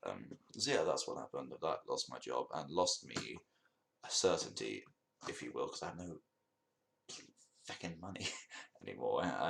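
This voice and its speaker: Here the young man behind the podcast has a bass voice with vocal fry and a slightly bright quality, and a faint hiss or hum sits under the recording. He tells a long, meandering story solo, laughing at his own jokes and swearing along the way.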